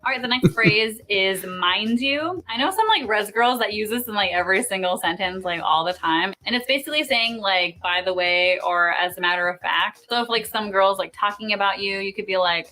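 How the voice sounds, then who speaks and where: A woman's voice: mid-range voice, normal speed, hardly any pauses, pushed and bright. A young woman from North Dakota explaining slang in a casual vlog, playful and sassy, breaking into giggles often. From North Dakota, USA.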